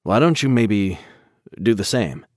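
A jittery, eager middle-aged husband who stumbles over his words, as an audiobook reader puts him on. The voice is deep and sounds a little set back, in a dry recording. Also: expressive, measured pace, a little mellow, dry recording. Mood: nervous. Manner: hesitant, fumbling. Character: nervous, eager middle-aged married man. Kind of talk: audiobook reading.

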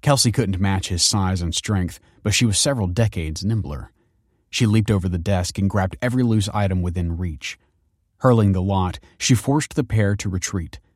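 A man with a low voice narrates a story in a measured, understated manner. The recording is dry and close, with no room sound. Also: a little mellow, no room sound. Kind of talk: story reading.

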